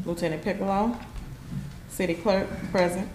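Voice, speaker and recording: City clerk calling roll, echoey. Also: female voice, medium pitch, steady tone. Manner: brisk, reads names in a list. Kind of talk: roll call. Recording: distant, echoey and noisy.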